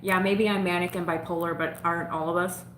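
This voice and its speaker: A woman's voice: lowish voice, little pitch movement, fast, a bit bright, roomy sound, a little hiss or hum, poor audio. A woman vlogger telling a personal story straight to her viewers, frank and profane, laughing often.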